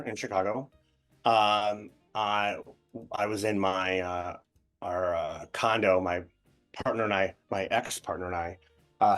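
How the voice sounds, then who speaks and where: A man from the United States, a guest on a call, reflectively recounting a personal memory with many pauses and restarts. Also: fairly low pitch. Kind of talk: personal interview storytelling. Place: at home in Chicago, on a call.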